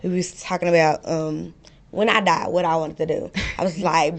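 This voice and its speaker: A woman in casual chat, a lively storyteller who laughs as she talks. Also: lowish voice, moderate pace. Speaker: panel discussion guest.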